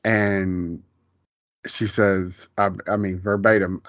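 A man's voice: fairly low pitch, lively intonation, a little slow, a bit bright, dry recording, lo-fi sound. A man in his forties co-hosting a podcast, talking casually and rambling, often breaking off mid-sentence and laughing at his own retellings. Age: 40s. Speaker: podcast co-host. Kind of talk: casual chat.

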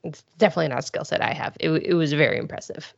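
A woman's voice: sits low, racing, vocal fry, no echo, highs cut off. A woman co-hosting a podcast, talking casually in a drily understated way. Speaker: podcast co-host. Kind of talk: casual chat.

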